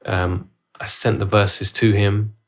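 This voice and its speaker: A man's voice: lowish voice, little pitch movement, slow pace. A man hosting his own podcast, telling a story in a rambling, loose way with many restarts. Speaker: podcast host. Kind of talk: casual solo podcast storytelling. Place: at home, filming himself.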